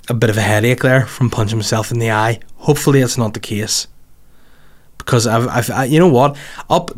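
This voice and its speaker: A man in his thirties with a Northern Irish accent, hosting a casual podcast with brash, crude, self-mocking banter. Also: medium pitch. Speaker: podcast host. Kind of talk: casual podcast chat and read ads.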